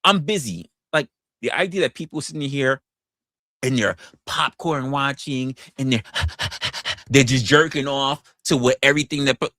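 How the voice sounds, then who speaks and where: A man streaming online in casual chat, venting in an animated way with frequent restarts, swearing freely, and rising to incredulous outbursts. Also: medium pitch, no room sound, studio quality. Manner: halting restarts.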